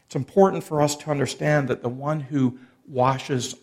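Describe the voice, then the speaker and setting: Guy preaching a sermon, bit of gravel in his voice, acts out the quotes. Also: medium pitch, normal speed, hardly any pauses, darkish tone. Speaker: pastor.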